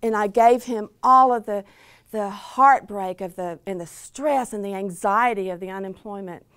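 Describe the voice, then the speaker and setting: A woman's voice: medium pitch, moderate pace, a bit bright, clear, resonant tone, no echo, clean studio sound. A woman speaker at a Christian conference sharing an emotional personal testimony, earnest and tender, sometimes sinking to near-whispers.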